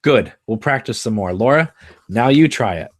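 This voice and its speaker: A man's voice: animated, dry recording, natural voice. A man reading a screenplay aloud live and voicing a middle-aged father who clowns around in a big giant voice. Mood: eager. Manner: boomy and drawn-out, much higher and louder than his own voice. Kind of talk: live screenplay read-through.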